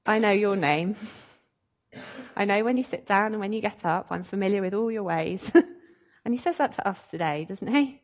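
A woman's voice: medium pitch, animated, a little slow, long pauses. Lady telling her church story, gets emotional, keeps laughing, kinda dull lo-fi audio. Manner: chatty and emotional, laughing often. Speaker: speaker sharing a testimony. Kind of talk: sermon testimony.

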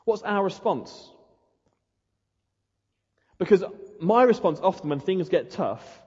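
Preacher in an echoey hall. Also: male voice, sits high, animated, takes it slowly, long pauses, a little mellow, slightly rough, lo-fi sound. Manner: rhetorical, acting out prayers and questions. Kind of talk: sermon.

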